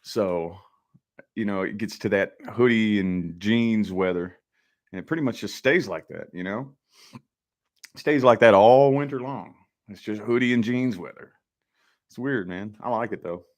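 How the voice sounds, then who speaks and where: A man's voice: on the low side, unhurried. A man hosting a casual live stream from his home office, rambling in a laid-back way and talking straight to his viewers.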